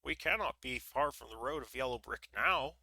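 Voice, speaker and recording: A man reading aloud, voicing a simple, eager male scarecrow who speaks quickly. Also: medium pitch, sharp tone, breathy edge, no echo, heavily acted.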